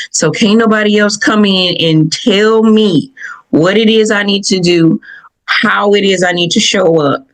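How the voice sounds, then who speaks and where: A woman from Michigan with a Southern accent, hosting a podcast and telling personal stories in an animated way, laughing often. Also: lowish voice, rough recording. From Michigan, USA. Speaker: podcast host. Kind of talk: personal reflective talk.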